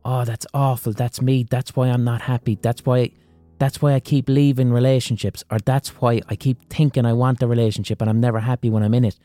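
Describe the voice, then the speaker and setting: A man's voice: medium pitch, flat delivery, a little fast, mellow, no echo, soft background music, lightly acted. A man voicing a dismayed listener who mutters to himself as he realises something about himself.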